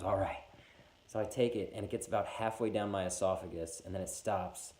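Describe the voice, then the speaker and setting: A man's voice: deep voice, fairly quick, a little hiss or hum. Young man telling a comic story. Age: 20s. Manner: animated, acts out every voice in the story. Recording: echoey room.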